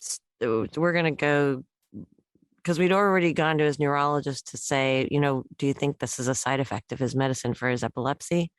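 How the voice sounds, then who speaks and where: A woman's voice: very deep voice, fairly even intonation, fairly quick, clean tone, no room sound. Chatty middle-aged woman, dry close sound. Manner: rambling, candid, frequent fillers. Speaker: podcast co-host. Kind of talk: casual chat.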